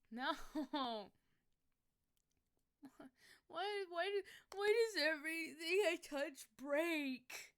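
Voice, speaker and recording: A woman chatting casually on a livestream, excitable and foul-mouthed, who yelps and swears when things go wrong. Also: high voice, takes it slowly, pauses often. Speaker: streamer.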